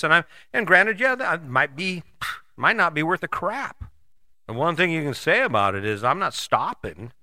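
A man in his sixties talks straight to the listener in a bright, forceful voice that rises and falls with a lot of life. He speaks blunt, folksy and a little profane, as in a motivational podcast. The sound is close and dry. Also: fairly high pitch, no echo. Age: 60s. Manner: blunt, folksy, swears casually, jumps between voices for imagined people. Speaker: podcast host. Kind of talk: motivational monologue.

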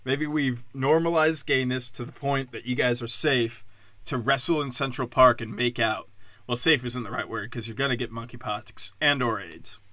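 Podcast host, male, profane sarcastic ranter with a forceful bright tone and a dry sound. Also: mid-range voice, normal speed, no echo. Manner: crude, profane, sarcastic ranting. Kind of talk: comedic rant monologue.

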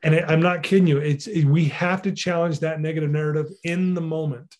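Male coach on a podcast, earnest, a touch high-pitched, repeats himself to drive a point home. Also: fairly even intonation, brisk, darkish tone. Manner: earnest, repeats phrases for emphasis. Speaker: mental fitness coach. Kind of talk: podcast guest conversation.

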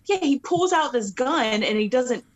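A woman co-hosting a casual movie podcast, retelling scenes in a playful, animated way. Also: sits high, normal speed, lo-fi sound.

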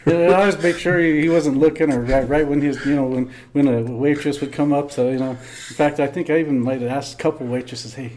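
A man's voice: a little high, fairly even intonation, quick pace, a little mellow. A man, a podcast guest, telling a story in a casual, rambling way, stumbling over and repeating his words. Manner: rambling, repeats and restarts words, laughs through lines.

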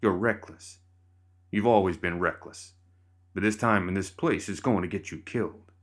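A man voicing a stern, weary father who leads a posse and speaks gruffly. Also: deep voice, moderate pace.

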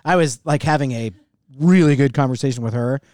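A man's voice: mid-range voice, fairly quick, a little mellow, no echo, clean studio sound. A man co-hosting a podcast, joking and laughing in casual chat. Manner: jokey, laughs often.

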